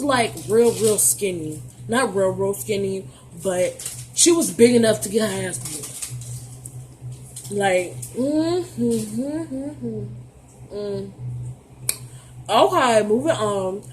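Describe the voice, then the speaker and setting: A woman's voice: a little high, slow, slight background noise. Sassy young woman telling a storytime. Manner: animated, profane and sassy storytelling; playful, addresses viewers directly. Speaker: vlogger. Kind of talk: storytime vlog.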